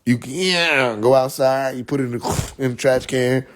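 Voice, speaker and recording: A man's voice: medium pitch, moderate pace. Exasperated man ranting on a live stream. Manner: animated storyteller who acts out the people he quotes; heavy profanity, blunt and exasperated. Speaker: livestreamer. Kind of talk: casual ranting monologue.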